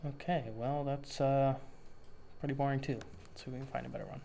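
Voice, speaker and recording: A man walks through a web tutorial in a casual, offhand way, narrating each step as he thinks it through. His voice sits at an ordinary middle pitch, and he drops dry, sarcastic asides. A faint hiss sits under the recording. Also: steady tone, brisk, gravelly, warm tone. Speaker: web developer teaching a tutorial. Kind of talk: screen-share coding tutorial.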